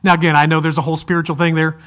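A male pastor preaching a sermon in a relaxed, conversational way, with light humor and frequent restarts. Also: fairly high pitch, rapid-fire. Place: church service, also streamed to viewers at home.

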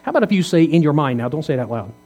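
Rapid-fire and very animated, a fairly high, slightly mellow voice belongs to a pastor in his fifties giving a sermon. He keeps it conversational, asking rhetorical questions and joking at the congregation's expense.

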